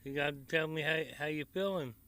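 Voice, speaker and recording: Man, Tennessee Southern accent, folksy rambling talk, bright, smooth. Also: on the high side, steady tone, brisk, no room sound. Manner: folksy, rambling, country slang. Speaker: barbecue vlogger. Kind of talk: casual outdoor chat to camera. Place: outdoors by a grill.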